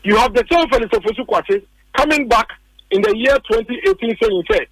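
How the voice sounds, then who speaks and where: A man's voice: very high voice, animated, a little fast, fairly bright tone, no echo, poor audio. A man with a Ghanaian English accent arguing politics on the radio, emphatic and repetitive, firing off rhetorical questions. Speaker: political commentator. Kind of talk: heated political argument on radio.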